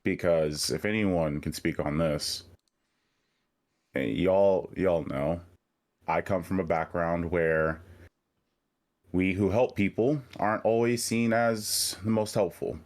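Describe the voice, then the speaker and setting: A man playing a tabletop game, speaking in character in a slow, deliberate, musing way. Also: deep voice, fairly even intonation, darkish tone. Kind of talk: in-character roleplay.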